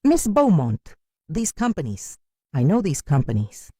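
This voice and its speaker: A woman's voice: deep voice, wildly swooping pitch, a little slow, dark tone, husky, dry recording, studio quality, full character voice. A woman voicing an earnest, humbled young husband who speaks with new respect.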